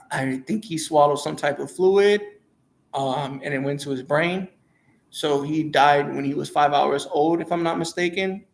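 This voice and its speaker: A man's voice: on the high side, creaky. A man casually telling his own life story in a rambling, hesitant way, often repeating and correcting himself.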